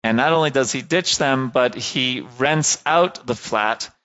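A man's voice: mid-range voice, measured pace, fairly bright tone, dull audio. A man giving a casual classroom lecture, talking conversationally, often checking in with "right?" and stopping to rephrase.

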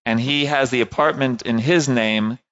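A man lectures a class in a relaxed, conversational way, with a middling voice. He talks loosely, stops to rephrase, and keeps checking that the room follows him. The recording is dull and lo-fi. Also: mid-range voice, moderate pace. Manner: conversational, many fillers and "right?" checks.

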